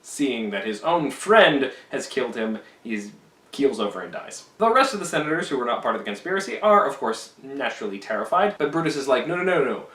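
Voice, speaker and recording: Animated man summarizing a play in an echoey room. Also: medium pitch, a little fast, far from the mic. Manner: animated, slips into silly character voices for quoted lines. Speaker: literature teacher summarizing a play. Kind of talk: casual lecture summary with playful voiced quotes. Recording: echoey room, voice a bit off-mic.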